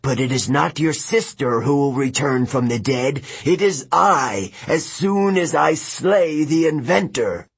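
A man playing a sneering, booming ghost king. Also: lively intonation, unhurried, creaky, hardly any pauses, breathy edge, exaggerated voice. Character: arrogant, sneering ghost king, an old male spirit.

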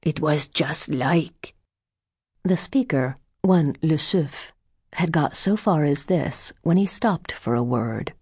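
Female audiobook narrator, low-pitched with some vocal fry, steady literary reading. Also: slow pace, no room sound, clean studio sound. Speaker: audiobook reader. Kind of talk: scripted narration.

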